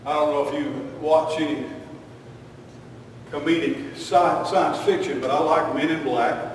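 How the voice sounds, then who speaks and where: A man preaches in a folksy, joking way, peppering his sermon with homespun sayings. His voice sits high and carries from some distance off the mic. The sound rings through a big echoey church hall. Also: steady tone, measured pace, slight background noise.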